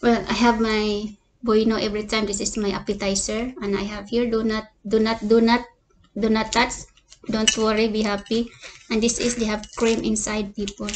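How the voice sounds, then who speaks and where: A woman vlogger talking casually to her viewers, speaking halting English, tired and sad. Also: mid-range voice, flat delivery, a little hiss or hum. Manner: halting, non-native English, often addresses "people"; tired and sad, with small laughs. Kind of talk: casual eating vlog talk to viewers.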